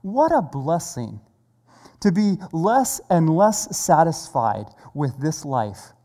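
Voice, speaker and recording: Slow, earnest preacher in a reverberant hall. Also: medium pitch, big pitch swings, dark tone. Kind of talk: sermon. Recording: long reverb of a large hall.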